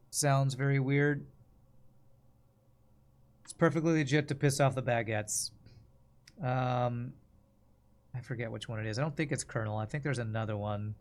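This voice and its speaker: A man's voice: mid-range voice, smooth. An American man streaming a video game, thinking aloud in casual, rambling commentary. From United States.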